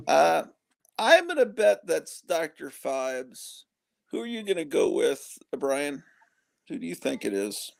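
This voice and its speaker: A man's voice: a little high, huge pitch swings, takes it slowly, vocal fry, long pauses, no room sound. A middle-aged man hosting a casual chat show, tired, rambling and joking as he talks. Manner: rambling, joking, self-interrupting. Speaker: host.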